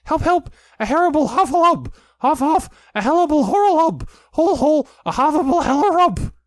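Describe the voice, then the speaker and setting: A man reading aloud, voicing a timid little male piglet in a squeaky, breathless, stammering voice. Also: takes it slowly, no room sound. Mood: panicked.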